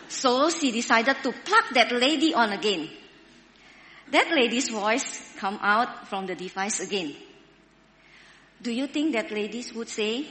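Slow-preaching woman in a reverberant hall. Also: a little high, fairly bright tone. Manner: slow, deliberate, asks the audience questions. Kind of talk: sermon.

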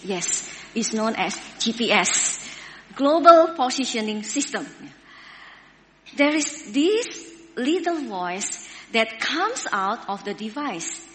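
A woman preaching a sermon, speaking slowly and deliberately and putting questions to her listeners. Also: medium pitch, fairly bright tone, in a large hall, slight background noise. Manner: slow, deliberate, asks the audience questions.

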